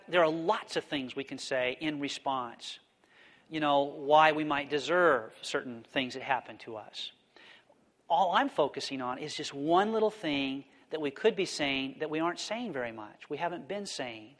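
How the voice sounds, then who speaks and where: A man giving a theology lecture and answering questions, explaining in a thoughtful, measured way. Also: a little high, a bit bright, in a large hall.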